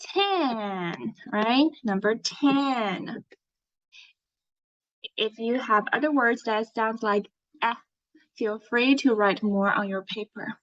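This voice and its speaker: Woman running an english lesson, talks real slow, patient n encouraging, dull recording. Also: fairly high pitch. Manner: slow, clear and encouraging, as if to young learners. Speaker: teacher. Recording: dull lo-fi sound.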